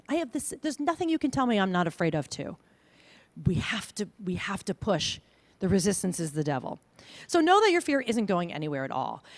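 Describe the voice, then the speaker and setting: A middle-aged woman giving a conference keynote, animated and self-deprecating, often acting out other people's voices. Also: a little high, no echo. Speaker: conference speaker. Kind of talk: keynote talk.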